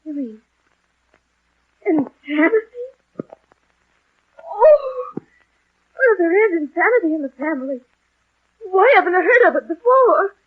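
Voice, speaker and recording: An actress playing a frightened young woman haunted by nightmares, in halting, tearful 1940s radio acting. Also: very high-pitched, sing-song, full character voice. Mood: anxious. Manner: breathless, halting, near tears. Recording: lo-fi old radio broadcast.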